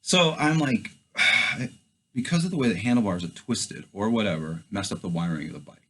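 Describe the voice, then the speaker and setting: Husky low-voiced man telling a wild tale. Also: moderate pace. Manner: loose, profane, animated retelling with quoted inner thoughts. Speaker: storyteller. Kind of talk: casual first-person storytelling.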